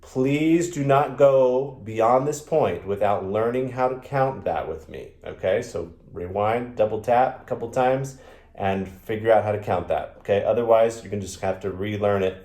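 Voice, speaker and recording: A man's voice: on the low side, moderate pace, a little mellow. A man teaching a violin lesson, patiently counting beats aloud in a sing-song way. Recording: echoey room with violin playing.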